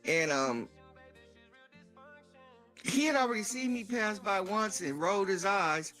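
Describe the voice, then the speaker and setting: A woman casually telling an animated, profane story. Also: medium pitch, measured pace, faint music behind.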